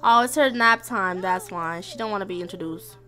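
A woman's voice: mid-range voice, a little fast, pushed and bright. A young woman giving chatty, dramatic commentary while playing a life-sim game, talking straight to her viewers. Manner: chatty, dramatic, squeals and laughs, talks to the viewers. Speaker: gaming streamer. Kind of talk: casual Let's Play commentary.

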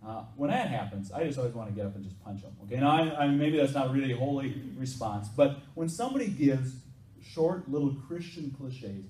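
A man's voice: mid-range voice, big pitch swings, moderate pace, mellow. Man preaching in an echoey hall. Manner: conversational, asks the congregation questions. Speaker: pastor. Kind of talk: sermon. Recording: echoey hall, distant mic, faint noise.

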